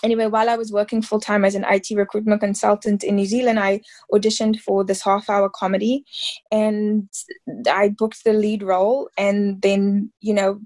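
A South African actress in her thirties talks casually as an interview guest, rambling and using lots of fillers. Her medium-pitched voice is flat, a little mellow, and at normal speed.

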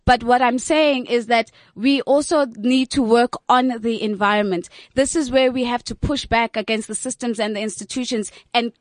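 A woman speaking in a panel discussion, her voice sitting a little high. She builds her points earnestly in long lists, recorded close and dry with no room sound. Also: steady tone, normal speed, few pauses, no echo. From South Africa.

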